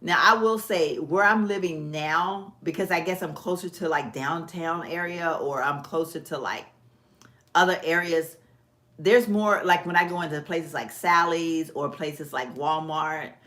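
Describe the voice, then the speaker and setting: A woman's voice: low-pitched, a little slow, fairly bright tone. A woman, hosting a casual live stream and chatting folksily with viewers while she does her nails. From Texas. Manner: chatty, folksy, laughs often, talks to viewers as "girl". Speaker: vlog host. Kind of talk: casual livestream chat.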